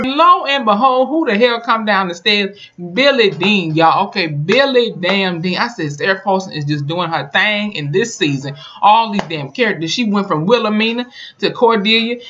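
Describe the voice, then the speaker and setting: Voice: medium pitch, bright, forceful tone, muffled recording. A YouTuber recapping and reviewing a TV episode in a casual, colloquial way, telling the story with lots of emphasis. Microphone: camera mic.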